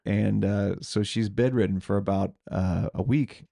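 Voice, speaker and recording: A man with a low, gravelly voice co-hosts a podcast and tells a ghost story in a loose, rambling way. He laughs often as he goes. The sound is dry and close, with no room around him. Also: fairly even intonation, a little slow, mellow, no echo. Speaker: podcast co-host. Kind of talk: casual chat, telling a ghost story.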